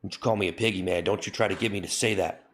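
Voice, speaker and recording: Streamer, male, low-pitched, mock-serious scolder on a comedy live stream. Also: fairly even intonation, very fast. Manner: mock-stern, scolding, repetitive. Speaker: livestreamer.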